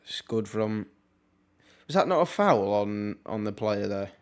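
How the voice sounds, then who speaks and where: A young man, casually commentating on a football match live for his stream, with wry asides and quick reactions. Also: fairly low pitch, animated, a little mellow. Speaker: watchalong streamer.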